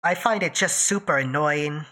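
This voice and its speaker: A woman's voice: low voice, moderate pace, sharp tone. A woman streaming live, chatting casually and teasing her viewers by name while she draws.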